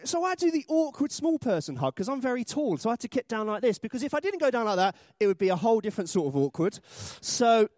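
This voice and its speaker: Lively, animated British preacher man. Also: very high voice, fast, hardly any pauses, no echo, clean studio sound. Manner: chatty, self-deprecating humor with acted-out voices. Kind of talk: sermon. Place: church.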